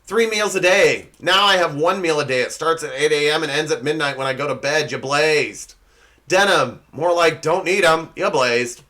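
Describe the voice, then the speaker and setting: A man's voice: on the high side, normal speed, sharp tone. A young man hosting a comedy show, delivering a sarcastic scripted roast monologue and laughing at his own slips.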